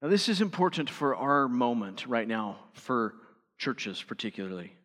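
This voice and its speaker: A man preaching a sermon as pastor, rising to emphatic peaks and dropping to quiet, earnest lines. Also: mid-range voice, sing-song, moderate pace, in a large hall.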